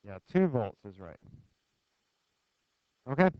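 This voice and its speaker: A man's voice: mid-range voice, very animated, slow pace, smooth, dry recording. A man giving a physics lecture, putting questions to the class in a conversational, joking way. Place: lecture hall. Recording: dull lo-fi classroom screencast audio, dry.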